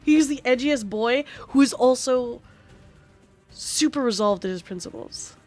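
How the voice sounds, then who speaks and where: High voiced gamer girl ranting away, swears a lot, super passionate, quiet music behind. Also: expressive, unhurried. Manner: rambling, profane, passionate ranting. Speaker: streamer. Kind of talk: casual gaming stream chat.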